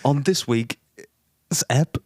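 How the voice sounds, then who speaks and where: British guy reading a podcast intro all deadpan and formal, very dry close sound. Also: medium pitch, takes it slowly, no echo. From United Kingdom. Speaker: guest intro co-narrator. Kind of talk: mock-formal podcast narration.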